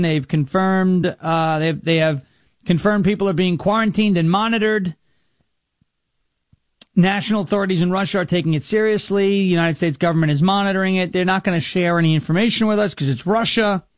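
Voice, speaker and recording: A man's voice: sits high, no room sound, studio quality. A man reading news items aloud and breaking in with sarcastic, jokey commentary, often stumbling and restarting. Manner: stumbles over words, restarts.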